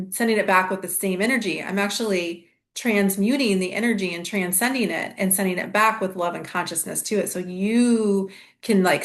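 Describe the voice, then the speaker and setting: A middle-aged woman hosts her own astrology channel in a reflective, meandering spiritual monologue. Her voice sits in a middle pitch, and she circles back through restarts and soft fillers.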